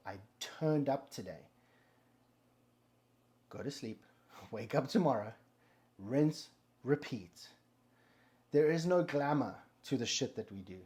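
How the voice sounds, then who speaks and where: With a low-leaning, mellow voice, a man hosts a motivational podcast monologue. He's direct and emphatic, and he curses a lot.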